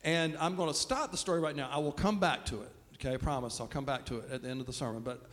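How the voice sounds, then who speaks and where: A man's voice: fairly high pitch, fairly even intonation, fast talker, a bit bright. A man preaching a sermon as pastor, talking in a conversational, self-deprecating way. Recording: long reverb of a large hall.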